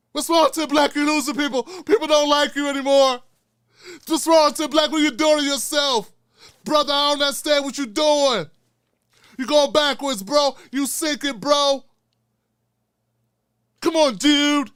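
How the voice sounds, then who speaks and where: A man's voice: extremely high pitch, measured pace, long pauses, a bit bright, dry recording, studio quality. A middle-aged man hosting his own show, delivering blunt, emphatic, profane commentary with lots of repetition. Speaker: show host. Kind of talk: impassioned solo commentary.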